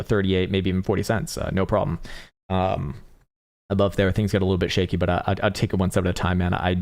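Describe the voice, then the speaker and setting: A man's voice: deep voice, a little mellow. A young man hosting a casual live trading stream, talking through charts and answering chat in a loose, swearing, often laughing way. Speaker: trading analyst livestream host.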